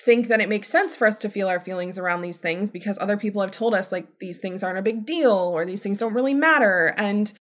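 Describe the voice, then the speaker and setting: A woman talks through a casual podcast monologue at a mid pitch. She is chatty and emphatic, and she leaps up in pitch whenever she acts out what other people say. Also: fairly quick, hardly any pauses, fairly bright tone. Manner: chatty, emphatic, acts out quoted voices with big pitch jumps. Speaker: podcast host; healthcare provider.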